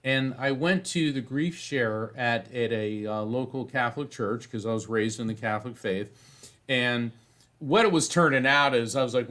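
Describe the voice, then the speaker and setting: A man's voice: mid-range voice, moderate pace, fairly bright tone. Rambling middle-aged man telling stories. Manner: rambling, many fillers and restarts. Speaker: psychic medium guest. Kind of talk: anecdotal storytelling in conversation.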